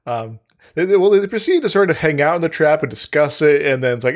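Man, fairly high voice, laughs a lot, hesitant fillers, casual co-host. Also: lively intonation, fast. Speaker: podcast co-host. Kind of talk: casual recap chat.

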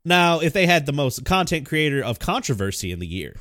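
Lively, laughing young man. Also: a little high, brisk, no echo, studio quality. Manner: animated, laughs often, self-deprecating. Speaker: podcast co-host. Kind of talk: casual chat.

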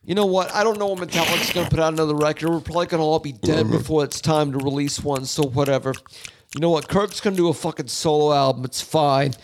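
A man's voice: on the high side, a little hiss or hum. A man hosting a podcast, chatting casually in a profane, joking, rowdy way. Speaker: podcast host.

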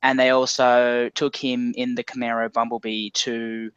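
Australian co-host, dry close sound. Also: male voice, mid-range voice, little pitch movement, moderate pace, a bit bright, clear, resonant tone, no room sound, lo-fi sound. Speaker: podcast co-host. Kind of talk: casual podcast chat.

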